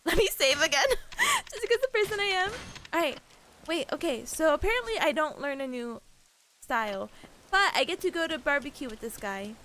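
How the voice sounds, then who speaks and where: A woman's voice: high-pitched, sing-song, moderate pace, bright, forceful tone, a little hiss or hum. A woman streaming a game, chatting casually with viewers in a bubbly, giggly way. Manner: bubbly and giggly, chats with viewers while playing. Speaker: VTuber streamer. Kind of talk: casual gameplay stream chat.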